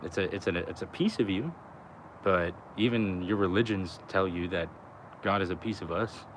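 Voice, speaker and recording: A young man with a lowish voice muses on life and spirituality, talking loosely and swearing freely. He drifts through slang and filler as he goes. A faint outdoor noise hums behind him. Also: normal speed. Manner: loose and slangy, heavy on "you know" and "like", swears often. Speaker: vlogger. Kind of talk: rambling spiritual musing to camera.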